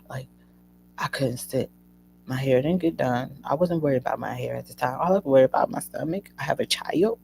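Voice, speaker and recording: A woman hosting a show, telling a personal story to her listeners in an emotional, animated way. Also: rumbling low, normal speed, vocal fry, pauses often, slight background noise, poor audio. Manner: emotional, animated retelling addressing listeners as y'all. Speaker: host.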